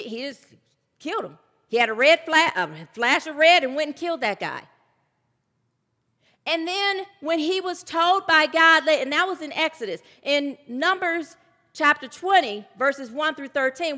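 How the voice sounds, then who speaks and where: Woman preaching, high bright voice, emphatic, big reverby hall. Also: expressive, normal speed. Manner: emphatic, calls for congregation response. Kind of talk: sermon.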